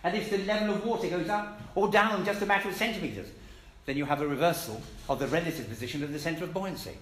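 A man's voice: fairly high pitch, fast talker, a bit bright, slight background noise. A British man giving an emphatic, scornful public lecture to an audience in a hall. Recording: echoey hall with faint ambience.

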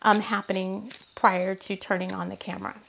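A woman giving a rambling, casual spiritual card reading, her throat a bit hoarse and scratchy, laughing often. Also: medium pitch, little pitch movement, moderate pace, a bit bright. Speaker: tarot card reader.

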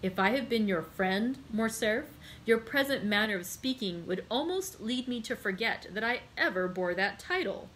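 A woman's voice: a little high, expressive, normal speed, fairly bright tone, a little hiss or hum, low-quality recording. A woman reading the part of a friendly male journalist who speaks mildly and courteously in a storybook reading. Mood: calm. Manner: mild, courteous, reasoning.

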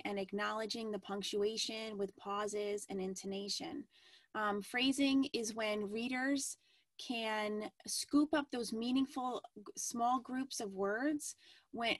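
Higher-voiced woman teacher presenting a webinar. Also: no room sound. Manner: measured, with frequent ums and restarts.

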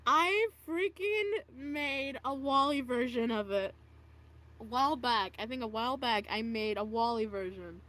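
High-voiced young woman cringing at herself. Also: unhurried, fairly bright tone. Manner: self-mocking, dramatic groans and giggles. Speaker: video creator. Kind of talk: casual vlog reacting to own old art.

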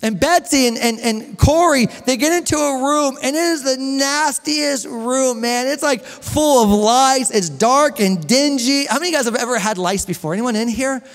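Preaching a sermon, a pastor with a very high-pitched voice speaks at a normal speed with few pauses. He tells a story, poses questions to the congregation, and jokes and laughs with them, all in an echoey church hall with long reverb.

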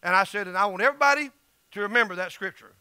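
A man's voice: sits high, very fast, bright, forceful tone, clean tone, no echo. A middle-aged man with a Southern US accent, preaching an emphatic, folksy sermon as pastor.

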